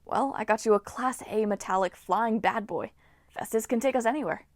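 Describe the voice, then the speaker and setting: A woman voicing a cheerful, reckless teenage boy mechanic who talks loud and excited. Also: fairly high pitch, moderate pace, dry recording, studio quality, natural voice.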